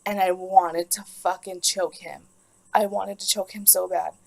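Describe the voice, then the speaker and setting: A woman's voice: fairly low pitch, steady tone, measured pace, creaky, low-quality recording. A young woman telling a personal story in a vlog, rambling and emotional, with lots of "like". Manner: rambling, emotional, heavy use of "like". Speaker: vlogger.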